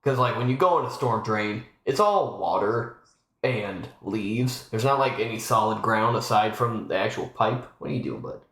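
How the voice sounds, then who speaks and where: A man's voice: fairly low pitch, unhurried, a bit bright, echoey room. A man live-streaming from home, chatting in a rambling, casual way with lots of restarts. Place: home room.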